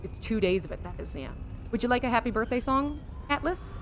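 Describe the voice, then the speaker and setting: A woman's voice: a little high, big pitch swings, fairly quick, a little hiss or hum. Chatty American woman streaming a game. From United States. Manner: chatty, reads the game's lines with dramatic emphasis, swears casually. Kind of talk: live game stream, reading game text aloud.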